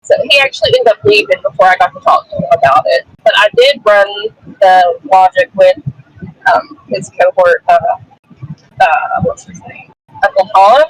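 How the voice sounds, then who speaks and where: A woman's voice: medium pitch, big pitch swings, normal speed, no echo. A woman with a Southern accent, a debater chatting casually on a phone call from her car, rambling with fillers. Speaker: debater, panel guest. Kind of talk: casual chat. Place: in a car, driving.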